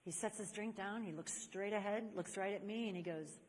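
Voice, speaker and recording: An older woman addresses a church youth convention with her personal testimony, animated and playing the parts of the people she describes. Her mid-range, slightly mellow voice moves at a moderate pace with hardly any pauses, and long hall reverb marks the large convention space.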